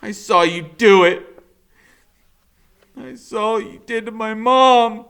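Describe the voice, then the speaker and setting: A man voicing a desperate teenage boy who shouts frantically. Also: high-pitched, takes it slowly, vocal fry, clean tone, pitched above the performer's own voice, heavily acted. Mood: screaming.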